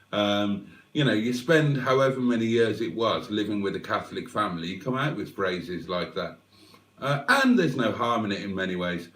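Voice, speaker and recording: A man's voice: lowish voice, fairly bright tone. An older man, hosting a casual livestream and rambling emotionally, swearing freely. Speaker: livestream host. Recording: echoey room.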